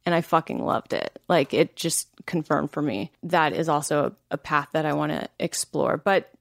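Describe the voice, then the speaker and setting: A woman in her thirties from Canada, a podcast guest, with a lowish voice. She talks openly and casually, laughing often and filling her sentences with "like." The sound is dry and close. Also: lively intonation, moderate pace, creaky, dry recording. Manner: candid, laughs often, many filler "like"s. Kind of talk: casual interview chat.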